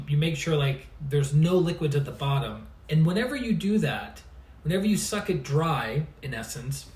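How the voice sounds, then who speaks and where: A man's voice: on the high side, a little mellow. A man working as an energy healer and coach, telling stories in casual livestream chat and laughing often. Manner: chatty, laughs often, restarts phrases. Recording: roomy sound, mic at a distance.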